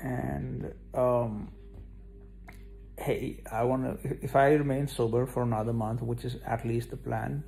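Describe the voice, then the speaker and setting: A man's voice: mid-range voice, level tone, a little slow, creaky, warm tone, slight background noise. A young man vlogging casually to camera, rambling and self-mocking, tired and yawning now and then. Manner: scattered, self-mocking, talks straight to viewers.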